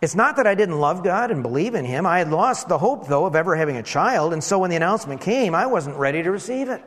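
A preacher telling a dramatic first-person sermon as an elderly priest who talks with exclamations and wry asides about himself. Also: male voice, high voice, fast, long reverb tail. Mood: rueful. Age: older. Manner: animated, exclaiming, self-deprecating asides. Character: elderly male priest, amazed and rueful.

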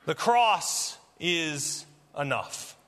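Male pastor, deliberate sermon delivery, slightly high, reverberant sanctuary. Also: sing-song, fairly bright tone. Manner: slow, deliberate preaching with emphatic rises. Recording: long hall reverb.

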